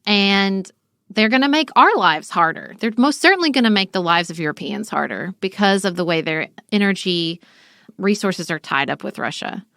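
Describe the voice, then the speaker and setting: A woman's voice: mid-range voice, animated, normal speed, gravelly, fairly bright tone, dry recording, clean studio sound. A woman co-hosting a political podcast, speaking in a heartfelt, conversational way. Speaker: podcast co-host.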